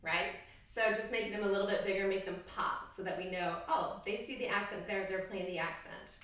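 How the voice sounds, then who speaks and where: A woman's voice: mid-range voice, steady tone, fairly quick, fairly bright tone. A woman oboe professor giving an encouraging, upbeat music lesson and singing rhythms aloud to show phrasing. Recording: very echoey room, distant mic.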